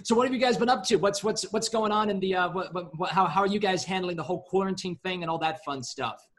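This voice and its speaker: A man's voice: high-pitched, fast. A man appearing as a guest on a podcast, chatting in a good-humored way with frequent stammers. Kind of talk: casual chat.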